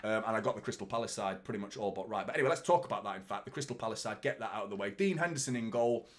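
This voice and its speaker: A man's voice: on the low side, animated, racing. A man hosting a live football watchalong stream, chatting casually and swearing, talking straight to his viewers and reading out their messages.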